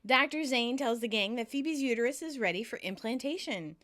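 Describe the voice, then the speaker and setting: A woman's voice: on the high side, expressive, brisk, a bit bright. A woman co-hosting a podcast in casual chat, laughing often. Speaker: podcast co-host.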